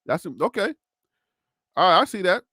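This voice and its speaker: A Liberian-accented man hosts a live college sports stream, talking in a chatty, animated way and answering his viewers. His voice sits fairly high. The sound is dry and close, with no room echo. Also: moderate pace, breathy edge. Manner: frequent laughs and self-talk. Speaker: sports channel host.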